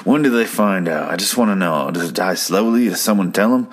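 A man voicing a bitter, washed-up aging boxer who mourns his failures in a low, self-pitying way. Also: lively intonation, brisk.

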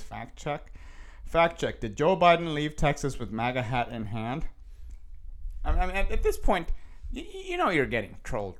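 A man hosting a casual solo podcast, rambling and correcting himself as he reads headlines aloud and riffs on them. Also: medium pitch. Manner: rambling, self-correcting, chuckles between thoughts. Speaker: podcast host.

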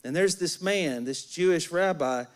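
Pastor guy telling a bible story like he's chatting w friends, higher voice, jokes around. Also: a little slow, clean tone. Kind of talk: conversational sermon.

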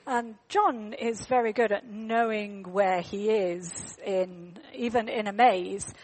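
A woman's voice: mid-range voice, fairly even intonation, takes it slowly, a little mellow. A woman, telling a story in a sermon in a chatty way, with fillers and repeated words. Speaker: preacher.

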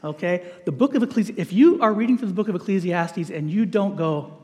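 High-voiced man preaching in a reverberant hall. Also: brisk. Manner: lively and joking, acts out voices in asides. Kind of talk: sermon.

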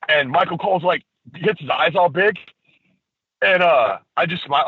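Animated man telling stories over a tinny line. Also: on the high side, a little fast, slightly rough, dry recording. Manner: animated storyteller, acts out quotes. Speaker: podcast guest. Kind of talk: casual storytelling. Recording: tinny phone-line sound.

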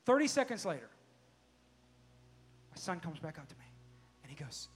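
A middle-aged pastor, preaching a sermon, telling a family story and shifting between hushed and loud delivery. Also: male voice, high-pitched, very animated, a little fast, long pauses, husky.

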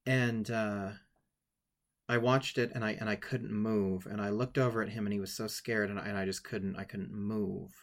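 Guiding listeners through a writing exercise, a male workshop leader grows tearful while recounting a personal story. His fairly low voice is steady in tone with vocal fry, yet he halts, trips over words, and restarts often.

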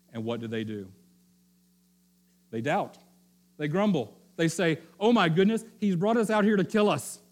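A male pastor giving a sermon, telling the story with animated, repeated phrases and frequent restarts. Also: fairly high pitch.

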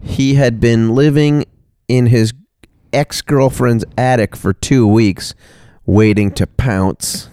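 A man's voice: medium pitch, steady tone, slow, hardly any pauses, warm tone, smooth, no room sound, studio quality. A man in casual comedic chat, retelling an odd news story with loose, wry asides. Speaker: co-host.

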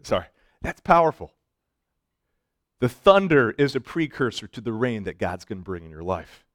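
A man preaching a sermon to students, swinging between loud emphatic lines and soft hushed ones, with joking asides. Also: lowish voice, very animated, moderate pace, no room sound, clean studio sound. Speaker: pastor speaking to students.

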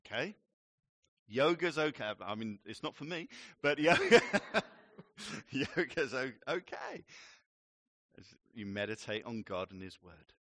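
A man preaching a sermon as a pastor, teaching in a slow, emphatic way with playful asides. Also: mid-range voice, expressive, fairly bright tone, dry recording, studio quality.

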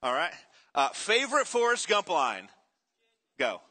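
A man preaching to his congregation, full of energy as he tells a story and throws questions out to the room. His voice is bright and forward, and it sits a little high for a man. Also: huge pitch swings, a little slow. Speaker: pastor. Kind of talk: sermon.

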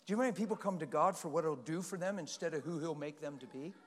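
A man preaching a sermon in a passionate, animated way, with sudden loud bursts. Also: fairly high pitch, racing, long reverb tail.

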